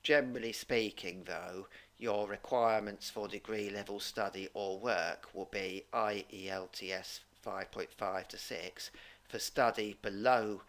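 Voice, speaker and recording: A man teaching English in an online question-and-answer session, explaining in a measured, formal way over a video call. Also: fairly low pitch, steady tone, a bit bright.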